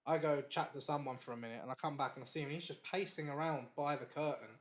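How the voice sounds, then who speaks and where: A man's voice: on the high side, fast. A man, a wrestler guest on a podcast, telling a story in casual chat. He laughs often and acts out the quoted dialogue.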